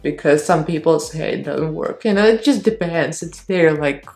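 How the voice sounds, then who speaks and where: A woman's voice: low voice, moderate pace, creaky, a little mellow. A woman in her thirties, a beauty vlogger and fitness instructor, talking in a rambling, candid way with a strained, shaky voice at her beauty desk at home. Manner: rambling, candid, laughs between phrases. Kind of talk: chatty get-ready-with-me vlog.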